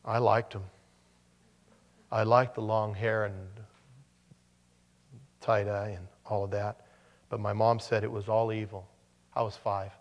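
A man's voice: fairly low pitch, level tone, a little slow, long pauses, long reverb tail, highs cut off. A man preaching a sermon as pastor, in a conversational manner with joking asides.

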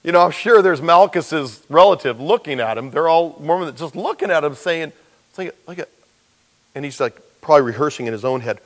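A man's voice: a little high, fairly quick. A middle-aged man preaching a sermon to his congregation, acting out the characters as he tells the story. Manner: animated, acts out the voices of the characters in the story. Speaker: pastor.

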